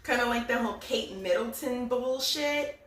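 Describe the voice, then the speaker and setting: Woman, sarcastic cussing rant, bright edgy tone, echoey room. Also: a little high, normal speed, recorded from a distance. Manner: profane, sarcastic, repeats lines for emphasis. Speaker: political commentary vlogger. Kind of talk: casual ranting commentary. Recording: echoey room, voice somewhat off mic.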